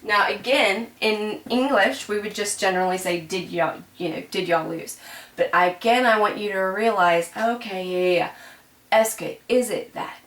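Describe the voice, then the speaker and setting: A woman explains grammar in a relaxed classroom manner, saying y'all and pausing often on fillers. She is heard from some distance in an echoey room. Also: medium pitch. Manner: casual and chatty, says y'all, many ums and self-corrections. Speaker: French teacher. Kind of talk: classroom grammar lesson at a board.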